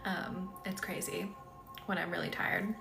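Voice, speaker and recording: A woman's voice: on the low side, fairly even intonation, unhurried, vocal fry, a bit bright, reverberant, soft background music. A tired woman hosting a casual live energy-healing stream, chatting and reading comments, who keeps breaking into giggles. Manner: giggly, chatty, easily set off laughing. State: sleepy and tired.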